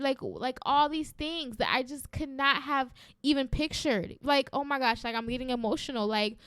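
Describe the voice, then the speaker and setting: A woman hosting a faith podcast, talking in an energetic, encouraging and conversational way and often checking in with "right?". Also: on the high side, smooth, no echo, clean studio sound. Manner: encouraging and preacherly. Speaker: podcast host.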